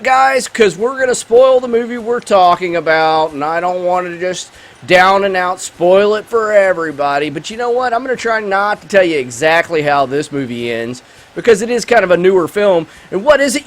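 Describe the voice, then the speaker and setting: A man hosting a gaming channel, giving let's play commentary with a movie review, jokey and excitable and talking straight to his viewers. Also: high-pitched.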